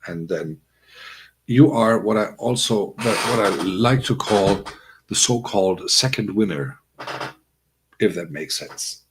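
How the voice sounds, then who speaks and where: Chatty man hosting a livestream, low voice. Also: expressive, takes it slowly, pauses often, slight background noise. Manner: chatty, rambling storyteller with many fillers. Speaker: livestream host. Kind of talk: casual livestream chat.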